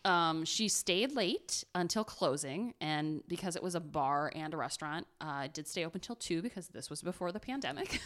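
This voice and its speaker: A woman's voice: deep voice, animated, moderate pace, hardly any pauses, a bit bright. Chatty young woman telling a story. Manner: chatty, rambling with fillers and laughs. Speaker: podcast co-host telling a true crime story. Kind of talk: casual chat.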